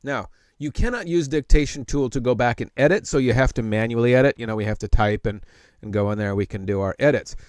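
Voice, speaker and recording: A middle-aged man hosting a casual tech tutorial, relaxed and conversational, with frequent fillers and restarts. He slows down to speak very deliberately when he demonstrates dictation. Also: mid-range voice, clear, resonant tone, no echo.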